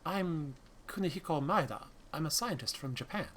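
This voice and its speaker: A man voicing a polite, hesitant male Japanese scientist in a game read-through, speaking halting English. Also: a little high, lively intonation, slight background noise. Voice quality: halting, soft-spoken, avoids a thick accent.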